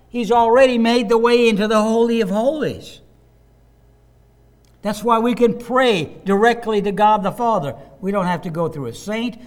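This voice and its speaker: A pastor preaching a sermon, earnest with playful asides. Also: male voice, high-pitched.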